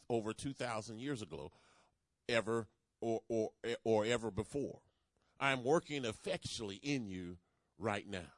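A man's voice: medium pitch, a bit bright, no room sound. A man preaching a sermon, leading the congregation in call-and-response and building to emphatic declarations. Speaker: pastor.

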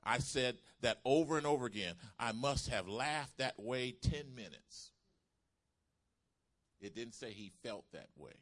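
Bright-voiced male preacher, emphatic sermon. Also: mid-range voice, animated, unhurried. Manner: preaching that builds to loud, emphatic calls to the congregation.

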